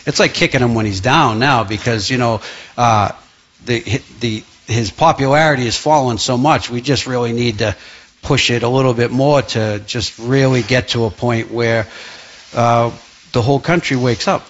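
A man's voice: mid-range voice, moderate pace, fairly bright tone, muffled recording. A man, a musician guest on a radio show, talking passionately with many restarts and fillers. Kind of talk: radio interview.

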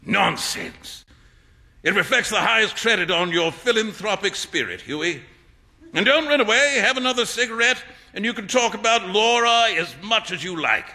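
A jovial, mocking gentleman painter from a read-aloud story, played by a man. He booms and laughs, his voice lifted well above the narrator's own and full of lively swoops. The tone is bright and ringing. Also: moderate pace, long reverb tail, exaggerated voice. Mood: cheerful. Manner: booming, mocking, bursts of laughter. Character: jovial upper-class male painter, loud, laughing.

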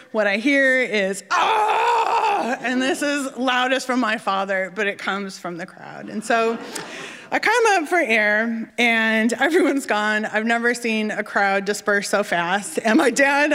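A woman telling a personal story on stage, animated and self-deprecating, acting out the voices of the people in it. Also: fairly high pitch, unhurried. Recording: long hall reverb.

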